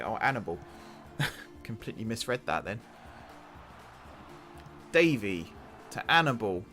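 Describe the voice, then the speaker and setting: A man hosting a gaming channel, casually commentating a football management game and urging his players on, with faint music behind him. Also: on the low side. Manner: excitable, talks to the game's players.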